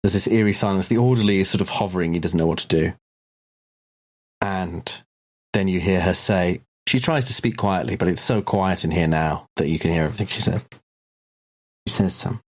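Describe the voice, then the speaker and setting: Husky-voiced man running a horror game. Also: low-pitched, a little fast, a little mellow. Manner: describes scenes and voices characters with quoted lines. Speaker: game master (keeper). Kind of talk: narrating a tabletop horror game.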